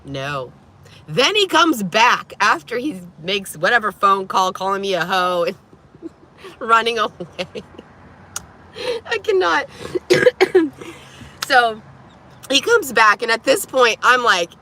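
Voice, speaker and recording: A woman vlogger telling a story to camera in an animated, profane way, laughing and coughing often. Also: a little high, takes it slowly, pauses often.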